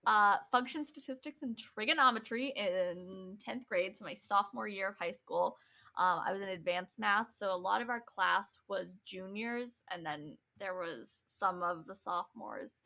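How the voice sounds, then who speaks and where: A woman's voice: medium pitch, vocal fry, bright, forceful tone. A young woman co-hosting a podcast, telling a story in casual chat with lots of laughs, ums and swearing. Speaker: podcast co-host.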